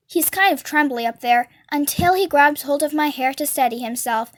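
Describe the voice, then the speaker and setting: A woman reading a novel aloud in a lively first-person narration. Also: sits high. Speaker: storybook reader.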